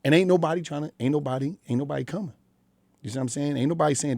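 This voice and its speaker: On the high side and rapid-fire, with a darkish tone and no room sound, a middle-aged man with a Philadelphia accent talks candidly as a studio radio guest. He swears freely and tells his street stories bluntly.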